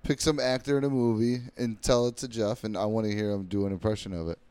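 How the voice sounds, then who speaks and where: A man's voice: on the low side, steady tone, fast, dark tone, smooth. Eager man prodding his friends. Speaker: podcast co-host. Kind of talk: casual chat.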